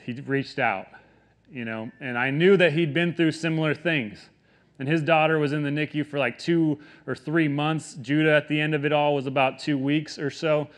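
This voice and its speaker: Earnest male pastor preaching. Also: on the high side. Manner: earnest, conversational, swings from quiet to emphatic. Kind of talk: sermon.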